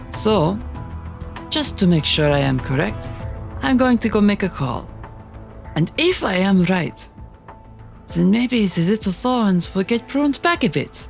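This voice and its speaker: A game master voicing a falsely polite male hunter villain with a French accent, speaking slowly and smoothly. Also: medium pitch, pitched above the performer's own voice, heavily acted. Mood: menacing. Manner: slow, falsely polite, drawn-out purring.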